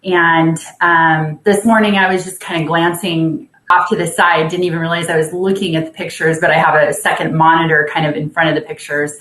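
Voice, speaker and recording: A woman working as a caseworker and peer support trainer, sharing in a halting way with many fillers and soft laughs from her office on a video call. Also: fairly low pitch, reverberant, poor audio. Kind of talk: sharing in an online group session.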